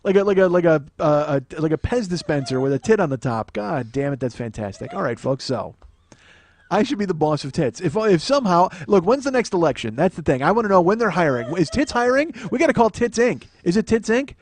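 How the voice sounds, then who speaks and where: A man's voice: sits high, big pitch swings, fairly quick. A man in his forties hosting a solo comedy podcast, ranting in a profane, self-mocking, mock-indignant way.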